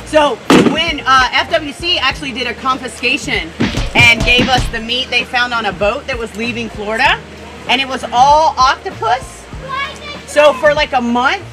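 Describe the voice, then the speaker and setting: High-voiced chatty woman keeper. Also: moderate pace, music in the background. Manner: chatty, friendly, laughs easily. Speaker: alligator park keeper. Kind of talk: casual chat. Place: outdoor alligator park enclosure.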